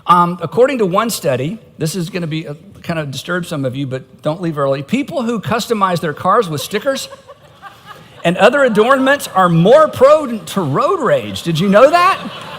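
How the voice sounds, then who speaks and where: A middle-aged man preaching a sermon with a high, very animated voice. He talks casually and pokes fun at himself, with wry asides. His voice rings with the long reverb of a large auditorium. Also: moderate pace, a little hiss or hum. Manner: conversational and self-mocking, with wry asides. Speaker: pastor.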